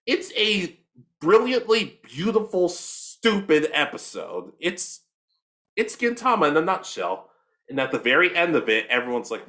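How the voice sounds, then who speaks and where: A young man co-hosting a casual anime talk show, retelling an episode with quick voices for the characters. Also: on the high side, very animated, pushed and bright. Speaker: podcast co-host.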